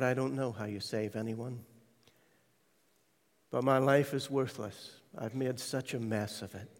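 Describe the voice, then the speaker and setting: A man preaching to a congregation, his voice carrying a long hall reverb. He shifts from quiet, tender testimony to loud, animated quotes of other people. His pitch sits in an ordinary middle range. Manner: testimony told with hushed, tender passages and sudden loud acted quotes. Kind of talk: sermon.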